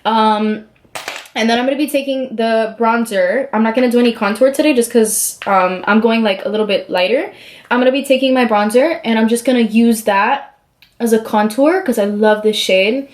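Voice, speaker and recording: A chatty young woman with a fairly high voice tells a story at home as she does her makeup. She talks casually, fills her sentences with "like", and jumps up in pitch whenever she acts out what other people said. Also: normal speed. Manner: chatty, lots of "like", animated quoting of others. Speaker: beauty vlogger.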